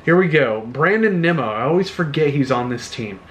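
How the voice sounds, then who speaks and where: Excitable man commenting on his gameplay. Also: fairly high pitch, normal speed, a little hiss or hum. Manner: excitable, talks to himself and the game, groans and cheers. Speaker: video game YouTuber.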